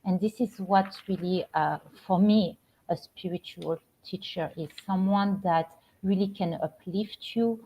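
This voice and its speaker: A middle-aged woman with a French accent, a spiritual coach hosting a casual live stream from home, talking gently with many halting restarts. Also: medium pitch, breathy edge. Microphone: computer or phone camera on a live stream. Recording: slightly dull lo-fi stream audio.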